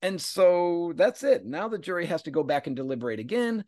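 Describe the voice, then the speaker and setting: Male host, relaxed storyteller who acts out the quotes, lively pitch that rides high. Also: brisk, dry recording, clean studio sound. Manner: slangy, conversational, acts out quotes. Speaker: podcast host. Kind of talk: casual explanatory retelling.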